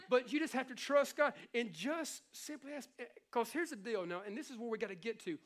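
A middle-aged man preaching a sermon as pastor, animated and conversational, slipping into playful impressions. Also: extremely high pitch, brisk, hardly any pauses.

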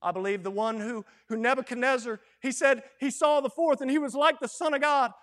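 A man preaching a fervent Baptist sermon, moving between hushed lines and loud, fiery ones. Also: extremely high pitch, a little fast. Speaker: Baptist pastor.

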